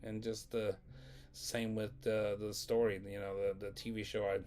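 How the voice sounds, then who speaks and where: A man's voice: on the low side, level tone, moderate pace, darkish tone. A young man casually telling a long, rambling, profane story from his school days in a vlog. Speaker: vlogger.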